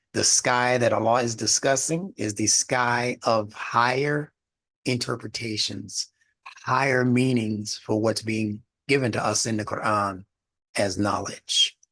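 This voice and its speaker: A man's voice: lowish voice, a bit bright. A man teaching a religious studies class in a lecture, explaining word meanings and asking the class rhetorical questions.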